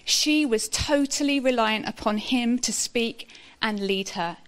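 A woman delivers a sermon in a slightly high voice. She speaks in an earnest, measured way and addresses her listeners directly. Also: clear, resonant tone. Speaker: preacher.

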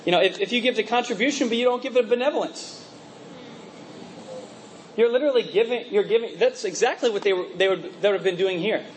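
A man's voice: high-pitched, quick pace, slight background noise, rough recording. A young man preaching a conversational sermon, full of rhetorical questions and laughing asides, with a mixed accent. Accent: mixed, from working in a multinational office.

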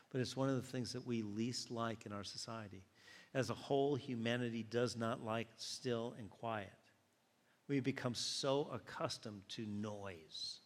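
Older male pastor preaching in a hall. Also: mid-range voice. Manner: storytelling, acting out dialogue, self-deprecating humor. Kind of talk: sermon.

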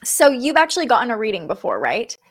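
A woman's voice: a little high, huge pitch swings, fast. A woman hosting a spiritual interview livestream, upbeat and enthusiastic, in her thirties. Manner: bubbly, enthusiastic. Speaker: host.

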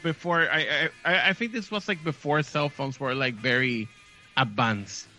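A man's voice: medium pitch, moderate pace, bright, forceful tone, soft background music. A Puerto Rican man, a comedian guest, telling a story with energy, acting out voices and swearing freely. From Puerto Rico. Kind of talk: storytelling chat, then stand-up clip.

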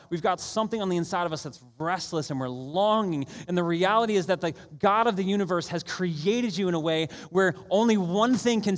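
A man preaching a sermon in a church auditorium, energetic and conversational, often asking the room if they are ready. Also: high-pitched. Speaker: pastor. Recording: long church hall reverb.

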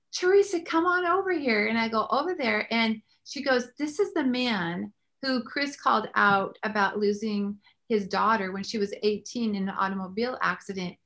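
A woman hosting a faith talk show, telling stories in an animated way and praying aloud. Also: medium pitch. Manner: animated storyteller, prays aloud. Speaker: host.

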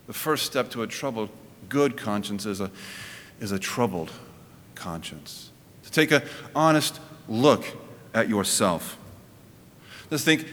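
A man giving a sermon as a pastor, in a conversational preaching manner that climbs and drops in pitch, with frequent restarts. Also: expressive, unhurried, a bit bright, big-room sound, slight background noise.

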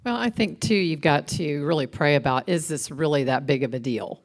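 A middle-aged woman with a low voice co-hosts a relaxed faith-centered chat. She tells everyday stories in a lively, animated way. She laughs often as she talks. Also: moderate pace. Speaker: co-host.

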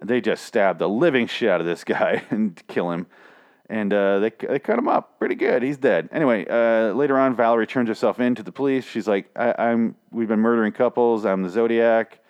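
A man's voice: fairly low pitch, expressive, brisk. A man casually recapping a TV episode, swearing and sarcastic, rambling with lots of restarts. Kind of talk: casual spoken recap and review.

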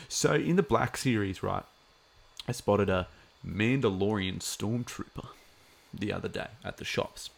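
A man's voice: on the low side, measured pace, vocal fry, breathy edge. A man chatting casually as a live streamer, rambling with many fillers.

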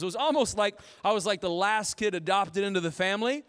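A man in his thirties preaching a sermon as pastor, telling stories in an animated way and quoting himself. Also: high voice, moderate pace, hardly any pauses, clear, resonant tone. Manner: animated, storytelling with self-quotes. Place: church auditorium. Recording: long reverb of a large hall.

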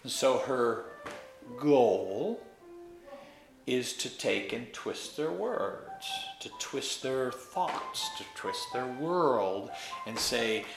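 A man reading a story aloud and preaching on it, expressive and emphatic, in a roomy space. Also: medium pitch, takes it slowly, creaky, music in the background. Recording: echoey room.

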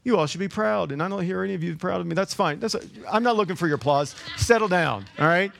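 A man's voice: high voice, expressive, quick pace, vocal fry, fairly bright tone. A man preaching a sermon as the pastor, conversational, with joking asides to the congregation and frequent repeated words.

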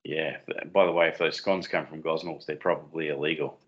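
A man's voice: very deep voice, steady tone, brisk, reverberant, highs cut off. A man co-hosting a podcast in casual, joking chat about editing the show. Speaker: podcast co-host and producer. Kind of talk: casual chat and outro read. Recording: outro read over clear guitar music.

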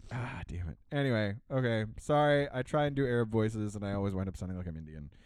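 A man's voice: lowish voice, fast talker, darkish tone, clean tone, no room sound. A man on a podcast, chatting casually in a sarcastic rant, full of fillers and restarts. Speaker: podcast co-host. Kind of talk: casual ranting chat.

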